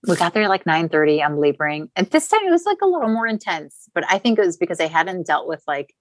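A woman's voice: on the low side, big pitch swings, fast, a little hiss or hum, poor audio. A woman in her thirties, a podcast guest, telling a long personal story in a chatty, candid way with casual swearing.

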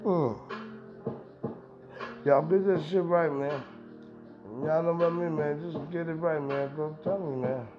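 A man with a high voice delivers a rambling, profane podcast monologue and hammers every point with emphasis. The recording is dull and lo-fi, with music clearly playing underneath. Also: fairly even intonation, a little slow, long pauses. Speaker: podcast host. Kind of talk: casual monologue. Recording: dull lo-fi sound with music behind.

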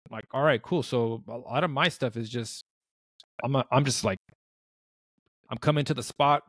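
A man's voice: mid-range voice, moderate pace, dry recording. A man co-hosting a podcast in casual chat, easygoing and rambling, acting out little quotes as he talks. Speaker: podcast co-host.

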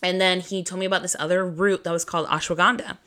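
A woman's voice: on the low side, little pitch movement, quick pace, a bit bright, smooth. A woman hosting a podcast who tells a personal story in a casual, chatty way. She swears freely, leans on "like", and laughs at herself between lines. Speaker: podcast host.

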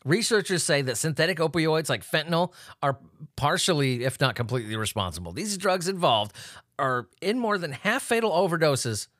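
A man's voice: on the high side, very animated, moderate pace, a bit bright, dry recording, clean studio sound. A man hosting a comedic news commentary, swearing, laughing and making sarcastic asides. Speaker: host.

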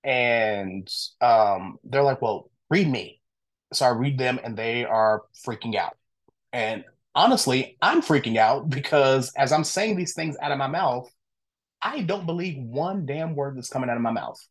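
A man who is a guest on a podcast. He tells a personal story in a casual, candid way and keeps slipping into lively quoted dialogue. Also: medium pitch, a little slow. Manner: animated, acts out quoted dialogue; candid, informal, with frequent fillers like "I'm like".

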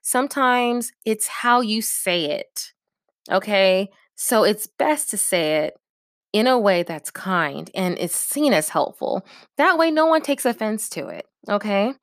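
A woman's voice: medium pitch, big pitch swings, a little slow, no room sound, studio quality. A woman giving casual, direct advice in a coaching manner, often checking in with her listeners. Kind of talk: casual advice talk to camera.

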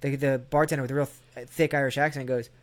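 A man tells a meandering, profanity-laced story in relaxed conversation. He talks at an ordinary middle pitch and jumps into little voices for the people he quotes. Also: fast. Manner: rambling, profane, animated storyteller who acts out quotes. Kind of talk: casual storytelling chat.

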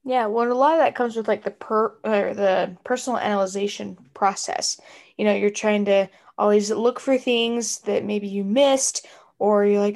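A woman's voice: mid-range voice, normal speed, vocal fry. A young adult woman chatting casually with her mother, recalling family moments with many fillers. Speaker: grown child of the other speaker.

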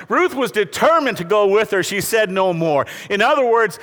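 A man preaching a sermon to a congregation, swinging from quiet, intimate passages to raised appeals and calling on listeners to turn to their neighbors. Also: high voice, normal speed, hardly any pauses. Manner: preaching with lively rises and falls, addressing the congregation. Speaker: pastor. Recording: reverberant hall.

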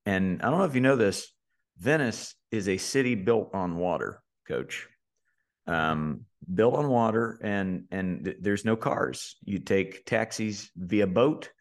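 An easygoing man in his thirties chats on a podcast, with a fairly low voice. He rambles warmly through his story, full of "uh" and small restarts. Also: lively intonation, unhurried. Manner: laid-back storyteller, many fillers and restarts. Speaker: podcast co-host. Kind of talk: casual podcast chat.

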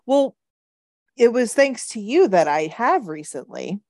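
A woman's voice: a little high, sing-song, measured pace, a little mellow, no echo, clean studio sound. A woman co-hosting a podcast, agreeable and enthusiastic, swearing casually, recorded over a video call. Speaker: podcast co-host. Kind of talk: casual chat.

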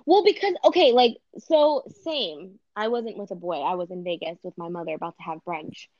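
A young woman co-hosting a casual chat, talking in a chatty, animated way and swearing casually. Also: on the low side, moderate pace, no echo, dull audio.

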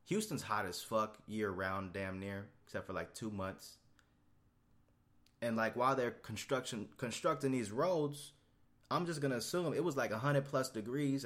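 A man's voice: mid-range voice, normal speed, fairly bright tone. A young man hosting a casual solo podcast, rambling and swearing in a laid-back way, his voice jumping up when he gets worked up. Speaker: podcast host. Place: Houston, Texas.

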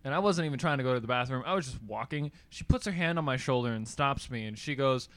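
A young man co-hosting a podcast, telling a rambling story in a laid-back way with deadpan asides. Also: medium pitch, fast talker, hardly any pauses, no room sound. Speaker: podcast co-host. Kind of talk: casual storytelling.

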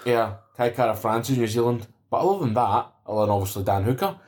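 A man's voice: mid-range voice, quick pace, darkish tone. A man with a Scottish accent, co-hosting a podcast in casual chat about fights, bantering in a laid-back way. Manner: laid-back banter, calls people mate. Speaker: podcast co-host.

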